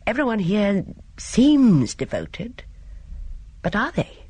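A woman voicing a grave, cautious middle-aged man in an audiobook, speaking in a measured, grim way. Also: medium pitch, big pitch swings, warm tone, breathy edge, no room sound, pitched above the performer's own voice, full character voice. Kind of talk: audiobook character voice.

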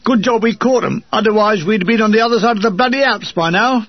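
Man putting on a fed-up army gunner, blunt, swearing, raised husky voice, loud, lo-fi. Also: high voice, fairly quick, dry recording. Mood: exasperated. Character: exasperated British army gunner, grown man. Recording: dull lo-fi recording.

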